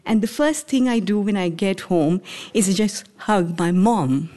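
An Indian woman in her forties tells her own story to listeners, her voice sitting mid-range. She speaks in measured, halting phrases, leaving short pauses between each one. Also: mid-range voice, expressive, mellow. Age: 40s. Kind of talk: personal storytelling talk.

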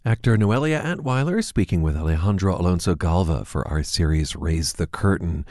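Deep, lively male radio host. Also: moderate pace, dry recording, clean studio sound. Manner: smooth announcer delivery. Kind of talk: scripted radio sign-off. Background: faint music.

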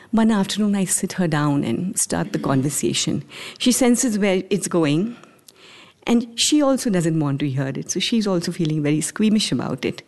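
A woman in her forties from India with an Indian accent, telling a personal story in a measured, halting way with short pauses between phrases. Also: on the low side, darkish tone. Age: 40s.

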